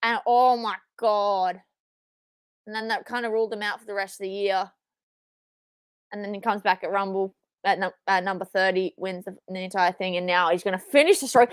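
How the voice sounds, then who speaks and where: A young woman hosting a live watchalong, reacting excitedly, swearing and yelling at the screen, then repeating her frustration. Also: medium pitch, fairly quick, smooth, dry recording. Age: young adult. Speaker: watchalong streamer.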